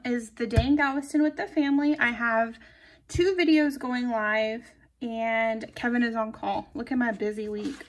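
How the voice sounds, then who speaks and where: A woman chatting casually and giggling as she decorates a planner, her voice sometimes dropping to soft murmurs. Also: a little high. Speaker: planner vlogger. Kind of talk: casual plan-with-me narration.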